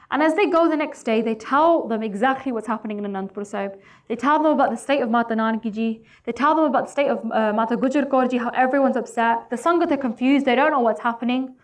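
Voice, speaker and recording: A woman tells a religious history in a high voice. She speaks earnestly and voices the quoted exchanges herself, as in a spoken talk. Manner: earnest retelling with quoted dialogue. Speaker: religious storyteller.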